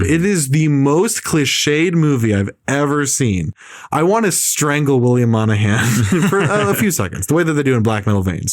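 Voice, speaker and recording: A man co-hosting a casual podcast, tearing into a movie with blunt, repeated verdicts. His voice sits at an ordinary middle pitch and is recorded dry, with no room sound. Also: no room sound. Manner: emphatic, repetitive ranting. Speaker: podcast co-host.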